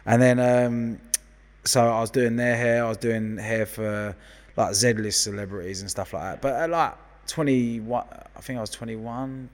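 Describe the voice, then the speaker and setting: A man's voice: mid-range voice, unhurried, big-room sound. A man in his thirties from London with a London accent, telling stories as a guest in casual, sweary chat. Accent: London English. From London, England. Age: 30s. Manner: sweary, lively storyteller. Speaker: guest hairdresser.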